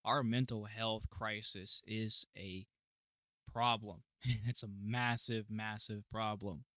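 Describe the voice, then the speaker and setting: A man from the United States hosting a casual reaction video, excitable and profane, laughing often. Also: fairly low pitch, slow pace, no echo, studio quality. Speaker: reaction channel host.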